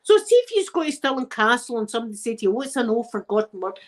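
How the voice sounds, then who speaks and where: Very fast and sing-song, her voice on the high side, the middle-aged Glaswegian host chats casually on her channel, rambling through stories and often laughing. She's from Scotland, with a Glasgow accent.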